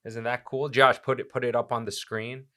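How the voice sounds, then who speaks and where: A man's voice: medium pitch, level tone, moderate pace, sharp tone. A man in his thirties, a chef hosting a podcast, chatting casually with a teasing, upbeat manner. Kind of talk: casual chat.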